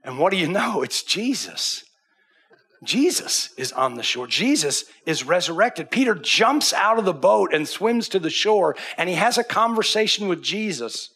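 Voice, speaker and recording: A man preaching a sermon as pastor, acting out Bible figures and dropping to a hushed near-whisper for quoted lines. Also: high voice, very animated, moderate pace, husky.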